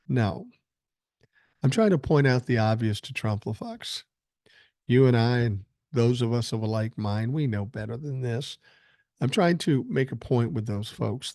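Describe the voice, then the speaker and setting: A man's voice: mid-range voice, a little mellow, no echo, studio quality. An older man hosting a podcast, reading listener emails aloud and answering them bluntly with plenty of swearing, still getting over a cold. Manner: blunt, profane, opinionated. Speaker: podcast host.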